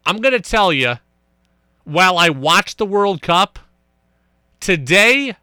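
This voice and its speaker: A young man hosts a sports talk radio show, chatting in an energetic, emphatic way. His voice is very bright and crisp, sitting a bit high. He is recorded dry and close on a studio microphone. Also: unhurried, pauses often, dry recording.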